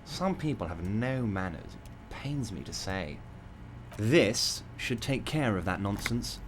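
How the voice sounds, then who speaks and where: A man voicing a large, jovial, scheming male union boss in a game playthrough, smooth and falsely reassuring. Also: fairly low pitch, animated, slow pace, slight background noise. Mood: smug.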